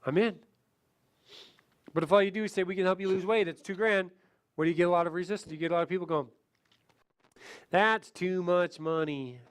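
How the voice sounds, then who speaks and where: A man giving a sales training seminar, animated, acting out short client conversations as he teaches. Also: high-pitched, rapid-fire. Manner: animated, acts out client dialogue. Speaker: seminar speaker.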